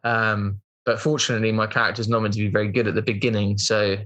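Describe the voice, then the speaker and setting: A man's voice: fairly low pitch, level tone, fast, fairly bright tone. A British man in his thirties, a podcast guest telling a story in a rambling, chatty way with plenty of fillers. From Britain. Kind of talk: casual storytelling interview.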